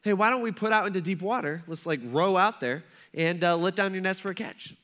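A man's voice: high-pitched, a little fast, a bit bright. A man voicing an easygoing adult man who casually suggests an outing. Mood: upbeat. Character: cheerful, easygoing adult male teacher.

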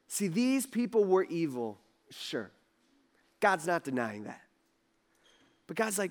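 A man preaching a sermon in a conversational, animated way, acting out what others say. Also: high voice, takes it slowly, long pauses. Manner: animated, acts out quoted voices, conversational asides. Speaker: pastor.

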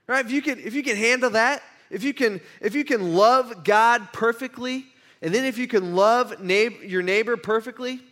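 A man's voice: very high-pitched, moderate pace, fairly bright tone. A man giving a casual, chatty sermon, telling a story and checking in with his audience. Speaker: pastor.

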